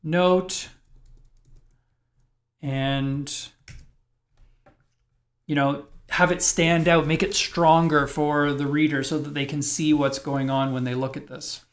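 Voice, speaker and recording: A man's voice: a little high, flat delivery, a little slow. A man teaching web programming in a screencast lecture, thinking aloud and explaining step by step as he types.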